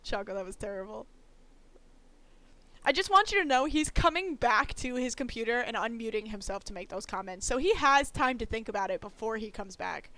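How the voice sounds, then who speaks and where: A woman's voice: fairly high pitch, animated, a little fast, pushed and bright, no room sound. A woman streamer chatting casually and laughing a lot while she draws live. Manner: giggly, chatty, self-teasing.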